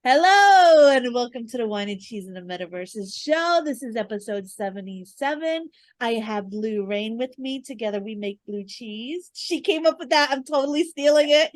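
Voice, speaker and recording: A woman's voice: high voice, expressive, a little slow, no room sound. A woman from the Bronx hosting a podcast in casual chat, upbeat and teasing, laughing often. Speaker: podcast host.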